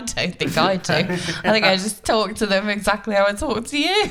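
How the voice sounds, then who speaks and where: A woman's voice: mid-range voice, normal speed, a crowd in the background. A woman co-hosting a podcast about teaching music, talking casually and explaining things with lots of fillers. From United Kingdom. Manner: relaxed, explaining with many fillers. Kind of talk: casual chat.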